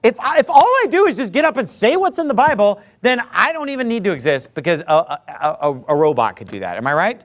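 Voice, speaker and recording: Fiery, animated male pastor preaching. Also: high voice, a little fast, hardly any pauses. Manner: emphatic, preachy, mocking imitations of critics. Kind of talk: fiery sermon.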